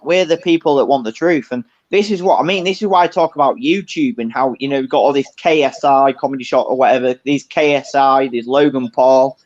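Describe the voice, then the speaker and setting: A man's voice: mid-range voice, dull audio. An angry man in a heated casual chat who swears, repeats himself and sounds like he has been drinking.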